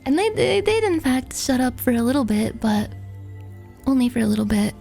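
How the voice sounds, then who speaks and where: Woman streamer rambling and giggling, kinda fry-voiced, quiet music under her. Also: sits high, very animated, a little fast. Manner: rambling and laughing, heavy use of "like". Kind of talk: casual chat.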